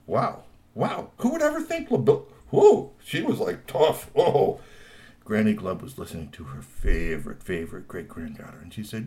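A man telling a children's story in a playful, animated way, with lots of asides. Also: on the low side, moderate pace.

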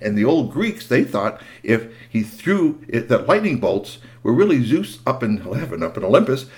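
Man telling a lively myth to kids. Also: medium pitch, normal speed. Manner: chatty asides, lively. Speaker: storyteller. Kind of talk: animated storytelling for children.

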